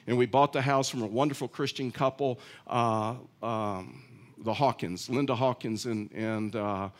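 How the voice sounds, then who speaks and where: A man's voice: medium pitch, fairly even intonation, a little slow. A middle-aged male pastor giving a conversational sermon, telling stories with frequent restarts. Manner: chatty storytelling, many restarts.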